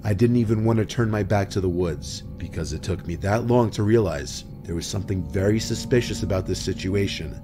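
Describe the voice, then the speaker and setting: Deep, steady male narrator for creepy first-person stories, music bed underneath. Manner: calm, measured storytelling. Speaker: horror story narrator. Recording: narration over background music.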